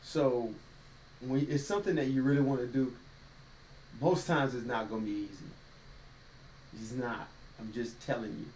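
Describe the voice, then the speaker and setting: Pausing often at a measured pace, this somewhat mellow, medium-pitched man co-hosts a casual faith podcast in a folksy, preachy way, quoting voices. The distant mic catches roomy echo, faint ambience, and a little hiss or hum.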